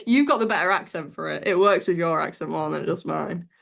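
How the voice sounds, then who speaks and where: A woman's voice: on the low side, fast talker, creaky. Giggly young woman guest. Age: young adult. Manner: giggly, laughs often, blunt and down-to-earth. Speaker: guest, amateur golfer. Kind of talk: casual chat interview over a call.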